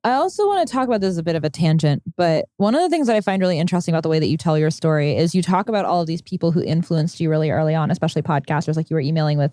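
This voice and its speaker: A woman with a low, mellow voice hosts a casual podcast interview. She asks curious questions and rephrases herself as she goes. The sound is dry and close. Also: very fast, few pauses, no room sound. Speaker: podcast host.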